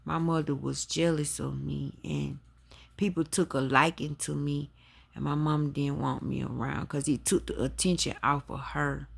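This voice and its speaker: A spiritual talk host tells her listeners a personal story and turns it into emphatic preaching, addressing them as y'all. Her voice sits low, creaky and husky, with little pitch movement and normal speed.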